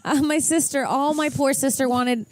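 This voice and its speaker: A young woman telling family stories in a casual podcast chat. She talks in an animated way, laughs often and swears freely. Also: sits high, moderate pace, a crowd in the background.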